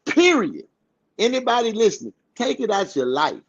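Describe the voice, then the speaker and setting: A man's voice: sits high, big pitch swings, normal speed. A man with a Houston accent, a podcast co-host in casual chat, loose and joking as he acts out heated lines. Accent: Southern US, Houston. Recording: dull lo-fi sound.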